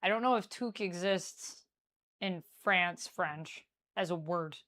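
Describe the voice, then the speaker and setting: A woman's voice: lowish voice, slow pace, fairly bright tone. A young woman, chatting casually with her live-stream viewers as she bakes and reads their comments aloud. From Canada. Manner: chatty, reading chat aloud while baking.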